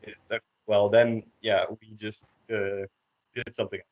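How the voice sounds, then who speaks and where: A Dutch man teaching a language class online, explaining slowly with many hesitations. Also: fairly low pitch, flat delivery. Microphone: computer microphone on a video call. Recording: dull lo-fi call audio.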